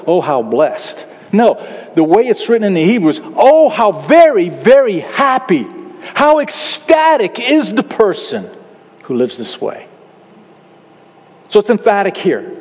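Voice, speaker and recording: A man's voice: high-pitched, darkish tone, long reverb tail. A man preaching a sermon to his congregation, stressing key words emphatically. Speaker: pastor.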